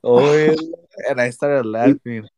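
Casual male co-host, lowish voice, lively storyteller who plays out both sides of a chat, dry close mic. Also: measured pace, no room sound, highs cut off. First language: Spanish. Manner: animated storyteller, acts out dialogue, laughs often. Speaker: podcast co-host.

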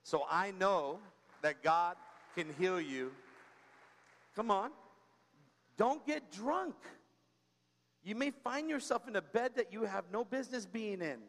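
A man's voice: sits high, expressive, slow pace, long pauses, a bit bright, big-room sound. A man preaching a sermon as pastor, in a conversational style that mixes personal stories with humor and keeps asking "right?" and "come on.".

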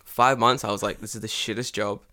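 A man's voice: lowish voice, steady tone, fairly quick, pushed and bright. A young man, co-hosting a podcast in casual chat, swearing a lot and mocking people in put-on voices. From United Kingdom. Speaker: podcast co-host.

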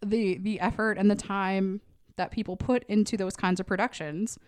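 A woman's voice: medium pitch, steady tone, normal speed, darkish tone, clear, resonant tone, dry recording, studio quality. A woman co-hosting a comedy podcast in casual chat, rambling along with lots of fillers. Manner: rambling, filler-heavy, easygoing. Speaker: podcast co-host.

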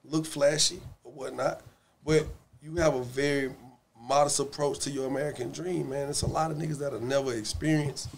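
A man in casual chat, telling stories in a lively, joking way with lots of swearing. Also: mid-range voice, fairly quick, gravelly, slight background noise. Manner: animated, swearing, laughing storyteller. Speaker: podcast guest.

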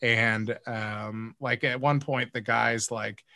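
A man's voice: medium pitch, fairly even intonation, takes it slowly, pushed and bright, no room sound, clean studio sound. A man in casual chat, rambling with many fillers and restarts as he recaps a comedy sketch. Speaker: podcast co-host.

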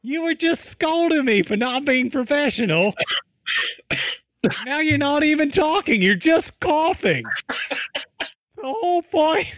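A man's voice: very high voice, expressive, takes it slowly, pauses often, a bit bright, dry recording, exaggerated voice. A man playing a bossy Australian podcast host in an improvised comedy sketch, scolding his co-host, with a put-on Australian accent. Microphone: close studio mic.

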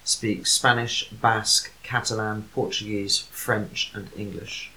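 A man's voice: fairly low pitch, flat delivery, takes it slowly, bright, forceful tone, slight background noise. A man hosting a casual talk show, chatty and steering the discussion. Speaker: podcast host. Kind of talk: casual chat.

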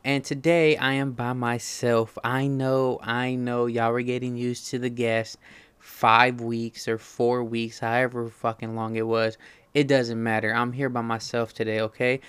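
A young man hosting a solo podcast in a slow, easy, unhurried way. His voice is smooth and clean, at a middle pitch. He swears casually and keeps checking in with his listeners. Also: flat delivery, a bit bright. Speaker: podcast host.

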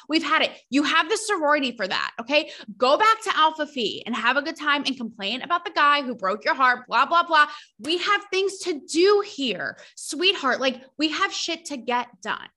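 Bright-voiced, blunt young woman podcaster. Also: sits high. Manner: blunt, sarcastic, animated, quick asides. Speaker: podcast host. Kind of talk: casual opinionated monologue.

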